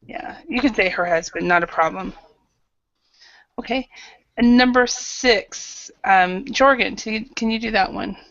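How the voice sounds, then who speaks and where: A woman's voice: a little high, unhurried, fairly bright tone, no room sound, lo-fi sound. A woman teaching an online English grammar class, patiently calling on students by name and correcting their answers.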